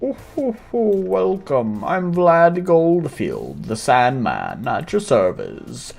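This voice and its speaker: A man's voice: fairly high pitch, huge pitch swings, slow pace, creaky, darkish tone, faint music behind, pitched above the performer's own voice, heavily acted. A man voicing a sly, theatrical male merchant who cackles and sings his words. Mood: gleeful.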